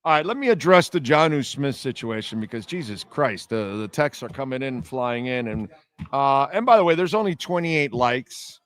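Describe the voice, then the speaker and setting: Salty sports radio guy rambling, mid-pitch voice, dry close mic. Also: lively intonation, moderate pace, dry recording. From Miami. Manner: profane, rambling storytelling, reading chat comments. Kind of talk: casual live-stream chat.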